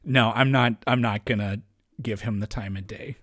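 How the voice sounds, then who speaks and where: A man's voice: lowish voice, fairly even intonation, moderate pace, fairly bright tone, dry recording, studio quality. Rambling man in casual podcast talk. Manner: rambling, many restarts and fillers, laughs often. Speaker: podcast guest. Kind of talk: casual conversation.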